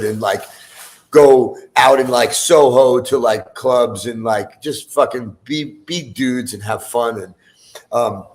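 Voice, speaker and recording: A man in his fifties, a musician guest on a chat show, telling a long story in a loose, profane way, full of fillers. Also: mid-range voice.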